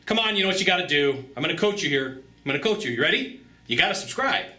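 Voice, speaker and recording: Bright, energetic man in a roomy space. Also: on the high side, quick pace. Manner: energetic, chatty, repeats phrases for emphasis. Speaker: sales coach. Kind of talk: casual direct-to-camera sales tips. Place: Sacramento, California. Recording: roomy echo.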